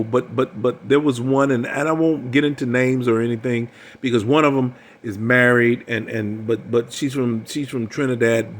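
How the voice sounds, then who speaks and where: Emphatic, preachy older man. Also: mid-range voice. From United States. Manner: preachy, emphatic, repeats phrases. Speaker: relationship coach. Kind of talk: monologue.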